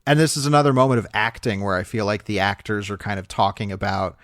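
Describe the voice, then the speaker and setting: A man's voice: lowish voice, steady tone, fast talker, fairly bright tone, no room sound, clean studio sound. A man co-hosting a film review podcast, talking casually and rambling with fillers, restarts and frequent laughs. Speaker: podcast co-host.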